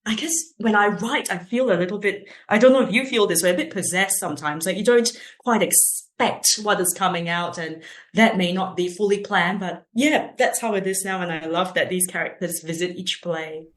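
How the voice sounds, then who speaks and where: A woman's voice: fairly low pitch, normal speed. A woman from Singapore, a playwright and performer, chatting animatedly in an interview and laughing often. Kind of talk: casual interview chat. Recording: roomy echo.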